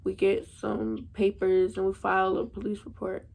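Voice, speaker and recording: A woman's voice: medium pitch, completely flat delivery, normal speed, a little mellow. A young woman, telling a storytime vlog to her viewers in a slangy, chatty way. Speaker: vlogger.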